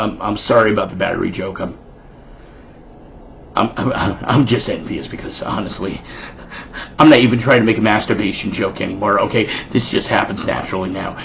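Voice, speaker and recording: A man's voice: mid-range voice, vocal fry, breathy edge, dull audio. A man telling rambling, profane stand-up stories about himself, often stammering through restarts. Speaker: stand-up comedian. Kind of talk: stand-up storytelling.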